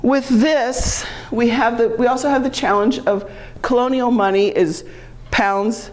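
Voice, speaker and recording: A woman's voice: on the high side, steady tone, a little slow. A middle-aged woman giving a lecture to a genealogy class, explaining in a chatty way with frequent ums and self-corrections. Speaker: genealogy presenter.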